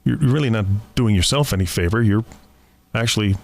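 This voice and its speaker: A man being interviewed as a guest, speaking reflectively and haltingly, often restarting his phrases. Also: fairly low pitch, vocal fry. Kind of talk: conversational interview.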